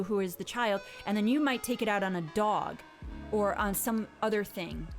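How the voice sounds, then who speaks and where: A woman, a parent, hosting a casual livestream chat, giving earnest, gentle advice and reading viewers' messages aloud. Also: mid-range voice. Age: adult parent. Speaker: livestream host.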